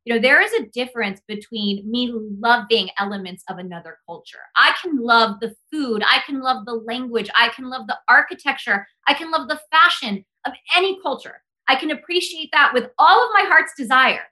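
A woman's voice: fairly high pitch, moderate pace, hardly any pauses, bright, forceful tone. A young woman from the United States, a podcast guest speaking earnestly and passionately in casual conversation, often saying "like". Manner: impassioned, earnest, heavy use of "like".

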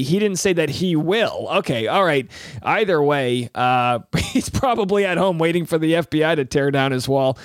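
A man's voice: on the high side, fairly bright tone, no echo, clean studio sound. A man hosting a comic news show, cracking jokes and rambling through self-corrections. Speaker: comedy news show host.

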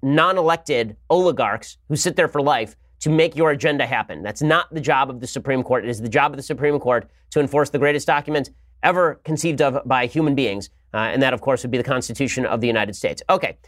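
A man's voice: mid-range voice, fairly quick, a bit bright, no echo, studio quality. A man hosting a political commentary show, delivering a combative monologue in a sarcastic, mocking manner.

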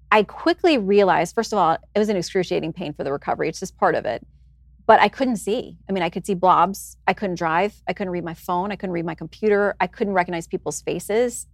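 A woman in her forties speaks quickly and earnestly as an interview guest, sharing a deeply personal story. Her voice sits at an ordinary pitch. The sound is dry and close, with no room around it. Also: vocal fry, no room sound. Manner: earnest, emotional, candid and reflective. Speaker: news anchor and author, guest.

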